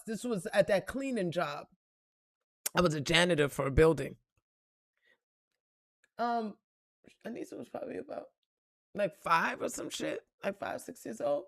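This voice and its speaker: A woman giving an unscripted motivational talk and telling a story straight to her viewers, blunt and profane, swinging between quiet asides and loud emphasis. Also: mid-range voice, no room sound, clean studio sound. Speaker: spiritual reader and motivational speaker.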